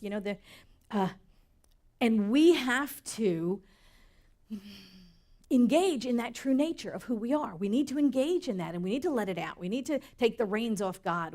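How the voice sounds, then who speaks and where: A woman's voice: medium pitch, a little mellow. A middle-aged woman minister preaching a sermon in an earnest, storytelling way that rises for emphasis.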